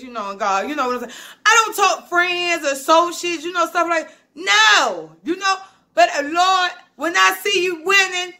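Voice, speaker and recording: A woman vlogger giving an energetic motivational talk, swearing freely, laughing often and calling listeners baby and boo. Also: extremely high pitch.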